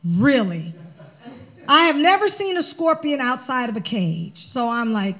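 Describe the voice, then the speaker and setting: A woman spiritual director preaching a sermon, telling a personal story in an animated, conversational way. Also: on the high side, measured pace.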